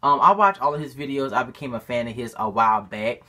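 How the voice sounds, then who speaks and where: Bright-voiced man rambling about his singing. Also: mid-range voice, lively intonation, fast talker. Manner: rambling, self-critical, restarts often. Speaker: amateur singer and vlogger. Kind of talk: casual vlog talk about his own singing.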